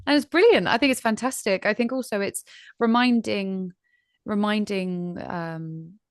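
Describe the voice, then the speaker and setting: A woman's voice: mid-range voice, a little slow, clear, resonant tone, no room sound, studio quality. A woman from Ireland hosting an interview, talking animatedly and acting out voices as she tells a story. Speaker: host. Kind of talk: conversational interview.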